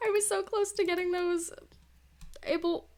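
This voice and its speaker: A young woman chatting through a life-sim let's play, animated and gushing, full of "like" and "oh my gosh". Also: very high voice, a little slow. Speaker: gaming YouTuber. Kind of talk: excited let's play commentary.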